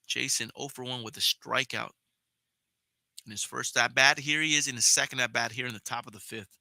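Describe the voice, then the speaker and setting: A man's voice: mid-range voice, steady tone, fairly quick, creaky, bright, forceful tone, dry recording. A young man hosting a podcast, giving casual live play-by-play of a baseball game, chatting with viewers and swearing now and then. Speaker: podcast host and play-by-play caller.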